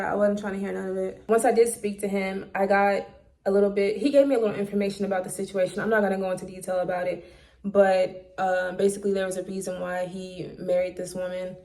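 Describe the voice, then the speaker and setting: A woman vlogger talks straight into her phone, recounting a personal story in a loose, casual monologue. She is candid and blunt and swears freely. Her voice sits at an ordinary pitch for a woman. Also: level tone, fast talker, darkish tone.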